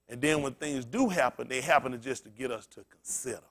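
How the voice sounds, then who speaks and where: A male pastor giving a casual, storytelling sermon, asking his congregation questions and swinging from loud bursts to quiet murmurs. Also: mid-range voice, brisk, hardly any pauses. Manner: conversational preaching, swings from loud excited peaks to quiet murmurs.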